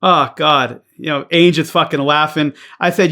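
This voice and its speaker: New man, fairly high voice, swears constantly, rambling story, casual podcast chat. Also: moderate pace, hardly any pauses, sharp tone. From New York. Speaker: guest.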